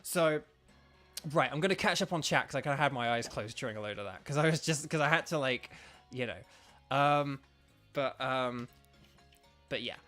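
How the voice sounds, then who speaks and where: A man's voice: medium pitch, moderate pace, pauses often, a bit bright, soft background music. A man streaming a video game, chatting casually with viewers in a rambling, enthusiastic way full of fillers. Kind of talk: casual live-stream chat.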